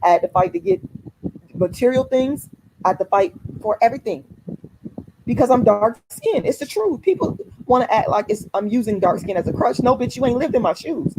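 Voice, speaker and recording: A woman's voice: on the high side, animated, fairly quick, noisy background. A woman hosting a casual livestream, talking fiercely and emphatically to her viewers, repeating phrases and swearing freely. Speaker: activist livestream host.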